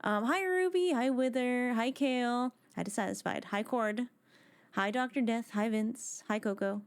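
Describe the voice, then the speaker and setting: A woman chats casually with her live-stream audience in a fairly high voice. She is excitable and rambles, with lots of filler words. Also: unhurried.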